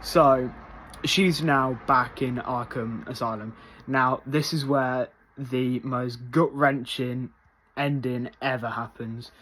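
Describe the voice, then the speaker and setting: Man, casual review, rambling with fillers, mid-pitched voice, faint hiss behind. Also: takes it slowly. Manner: rambling, many fillers, gets loudly excited.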